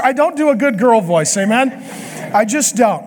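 A man preaching a sermon as a pastor, with lively, joking asides to the congregation. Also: high voice, fairly quick. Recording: long hall reverb.

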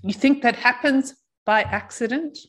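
A lonely elderly widower, soft-spoken and earnest, pleading gently, as a woman quotes him in her story. His words come in a hushed, heartfelt tone. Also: a little high, measured pace.

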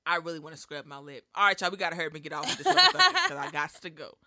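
A woman's voice: sits low, huge pitch swings, racing, bright, forceful tone, no echo. A woman in her thirties co-hosting a podcast in casual chat, blunt and profane, joking often, close to the microphone. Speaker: podcast co-host. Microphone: close studio microphone.

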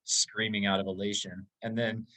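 A man's voice: fairly low pitch, flat delivery, moderate pace, pushed and bright, poor audio. A man on a podcast, telling an emotional story about an ultramarathon in a casual, rambling way with many fillers.

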